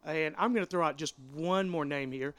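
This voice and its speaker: A man with a somewhat high voice co-hosts a podcast and keeps turning to the audience with playful asides. The sound is dry and close to the mic. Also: moderate pace, a bit bright, no echo. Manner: playful, talks to listeners directly. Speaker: podcast co-host. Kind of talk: casual podcast chat.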